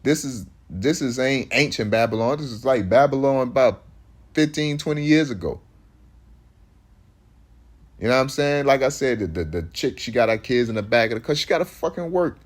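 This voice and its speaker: A man's voice: mid-range voice, expressive, moderate pace. A man, preaching in loose street talk that rambles, restarts often and hits points with emphasis.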